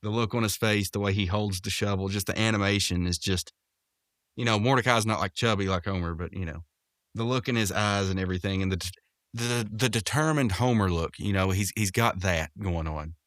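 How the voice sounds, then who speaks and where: A man's voice: on the low side, fairly quick, fairly bright tone, dry recording, clean studio sound. A man hosting a podcast, casually recapping a cartoon episode, rambling with lots of fillers and restarts. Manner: rambling, full of fillers and restarts, quotes characters in raised voices.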